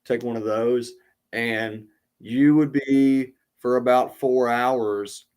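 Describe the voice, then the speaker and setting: A man's voice: medium pitch, fairly even intonation, slow, darkish tone, clean tone. Rambling man telling a podcast story. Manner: rambling, many ums and restarts. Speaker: podcast host. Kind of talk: casual storytelling.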